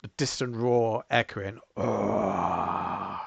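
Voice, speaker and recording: Slow-talking man narrating as game master. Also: medium pitch, steady tone, fairly bright tone, no echo, dull audio. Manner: unhurried, hesitant narration with fillers.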